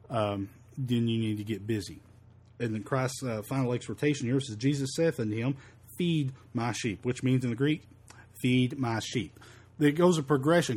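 This Bible teacher's voice is medium-pitched, husky, and a little mellow. Leading a verse-by-verse study, he quotes scripture in old-fashioned language and speaks haltingly, often tripping over and repeating words with plenty of ums and uhs.

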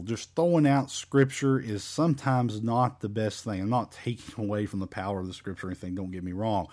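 A man's voice: lowish voice, darkish tone. A man teaching a Bible study in a casual, rambling way, with many fillers and restarts, into a home microphone. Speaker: Baptist preacher.

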